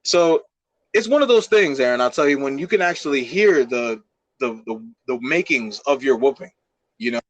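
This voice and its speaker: A man's voice: mid-range voice, normal speed, dry recording, lo-fi sound. A young man co-hosting a podcast who tells a story casually and animatedly, full of fillers and swearing. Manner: animated, profane, many fillers. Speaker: podcast co-host.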